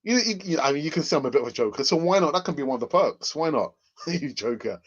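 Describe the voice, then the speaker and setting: Male live-stream host, joking and chatty, slightly high voice, muffled lo-fi mic sound. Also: expressive, fast talker, husky. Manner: jokey, laughs often, reads out viewer comments. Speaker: host of a live fan channel. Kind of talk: casual live-stream chat. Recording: dull lo-fi microphone sound.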